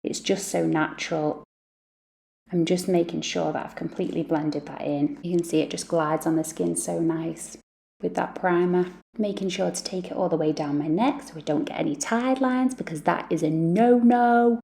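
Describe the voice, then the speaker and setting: Gravelly, low-voiced woman chatting makeup. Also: moderate pace, dark tone. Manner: chatty and self-deprecating. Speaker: beauty vlogger, mum. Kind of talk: makeup tutorial chat.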